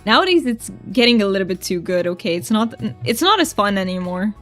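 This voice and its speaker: A chatty, giggly woman reads her viewers' messages aloud while streaming a cozy game and making casual conversation. She speaks briskly in a mid-range voice that is very animated and fairly bright, over soft background music.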